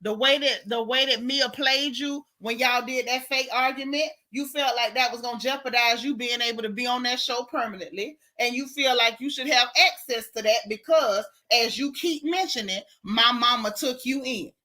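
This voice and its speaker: A woman, hosting a casual gossip recap of a reality show, sassy and animated, reading chat comments aloud. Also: a little high, normal speed, hardly any pauses.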